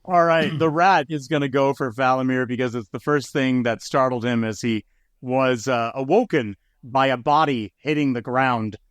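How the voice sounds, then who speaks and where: A man runs a tabletop game in a laid-back, easygoing way, stumbling over his own words and chuckling as he narrates. His voice is smooth and clear. The recording is close and dry. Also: mid-range voice, steady tone, moderate pace, no room sound. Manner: laid-back, chuckling, with many fillers and restarts. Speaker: game master. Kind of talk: running a tabletop game for a podcast.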